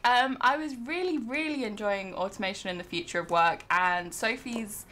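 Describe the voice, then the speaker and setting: A young adult streamer chats casually on a home livestream, full of ums and restarts, before reading a nonfiction book aloud into a desk microphone. Her medium-pitched voice is bright and forceful, at a moderate pace.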